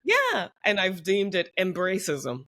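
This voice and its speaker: A woman co-hosting a podcast in casual chat, lively and acting out quoted people. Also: takes it slowly. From United States. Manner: animated, acts out quoted voices with big pitch jumps. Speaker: podcast co-host.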